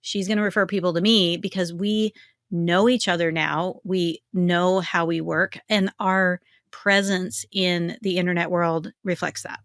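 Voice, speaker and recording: Lively woman telling stories in a dry close-miked sound. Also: a little slow, no echo. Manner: animated storytelling, acts out quotes in a higher voice. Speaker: webinar co-host, business coach and podcaster. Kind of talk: casual webinar chat.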